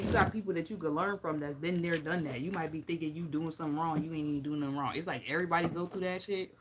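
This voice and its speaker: A woman's voice: lowish voice, slight background noise. Blunt, laughing woman tarot reader. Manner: blunt, profane and playful, laughing often. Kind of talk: casual tarot reading monologue.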